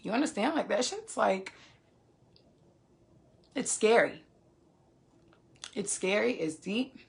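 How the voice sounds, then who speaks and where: A woman's voice: medium pitch, lively intonation, slow, vocal fry. A woman, telling a story on a phone livestream in a profane, emphatic way. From Queens, New York. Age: 20s. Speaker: live streamer.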